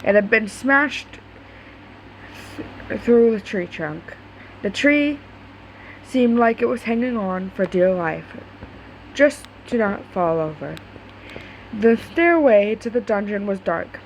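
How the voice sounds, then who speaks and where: A woman reading a fan story aloud in a relaxed, unpolished way. She trips over words and restarts, then carries on. Her voice sits at a middle pitch. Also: slow, pauses often, slight background noise, low-quality recording. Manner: casual, stumbling, swears in asides. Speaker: story reader.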